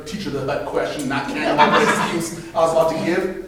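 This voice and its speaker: A man in his thirties telling a personal story live at an open mic, animated and laughing between lines, recorded from a distance in a very echoey room. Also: a little high, quick pace, a loud crowd. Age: 30s. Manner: animated, laughing between punchlines, acting out voices.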